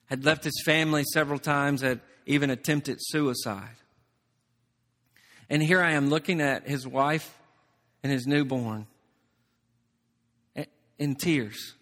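A man preaching a sermon as pastor, shifting from soft, intimate stretches to loud, emphatic ones. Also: medium pitch. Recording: long reverb of a large hall.

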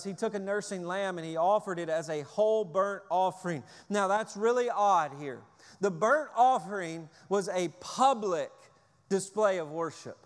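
High-voiced emphatic preacher man. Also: in a large hall. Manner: emphatic, repeats key phrases for stress. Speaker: pastor. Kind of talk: sermon.

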